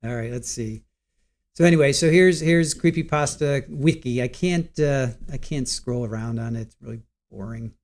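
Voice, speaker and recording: A man's voice: medium pitch, normal speed, a little mellow. A man in his forties hosting a casual livestream, rambling, stumbling over words and reading viewer comments aloud. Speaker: livestream host.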